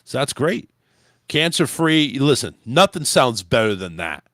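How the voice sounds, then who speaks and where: A man's voice: mid-range voice, very animated, measured pace, a bit bright, dry recording. A man hosting a talk radio show, chatting casually in a laid-back, joking and rambling way.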